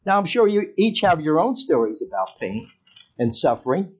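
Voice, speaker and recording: A man's voice: on the high side, big pitch swings, normal speed, breathy edge, dull audio. A man preaching a sermon in a church, talking with the congregation and putting questions to them. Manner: conversational, asks the congregation questions. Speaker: pastor.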